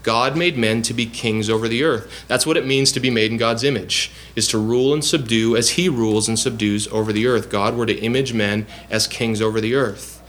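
A man of middle pitch teaches from scripture in an earnest, explanatory sermon. He stops often on fillers and restarts as he works through each point. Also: fairly even intonation, fairly quick, few pauses, a bit bright. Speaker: preacher.

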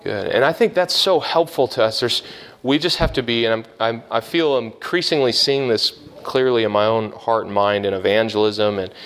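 Low-voiced man teaching a Bible class. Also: a bit bright. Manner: halting, many fillers and restarts, explaining step by step.

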